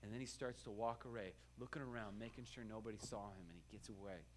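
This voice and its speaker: A man preaching a sermon, telling a parable with animated storytelling and leading a prayer. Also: lowish voice, fast, a little hiss or hum. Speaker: pastor.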